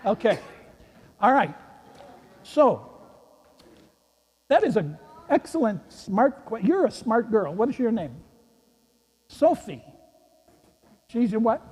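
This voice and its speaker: High, mellow-voiced priest telling children a story. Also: male voice, big pitch swings, slow pace, pauses often, husky. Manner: gentle, storytelling to children, chuckling. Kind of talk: children's sermon. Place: large church. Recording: echoey church hall.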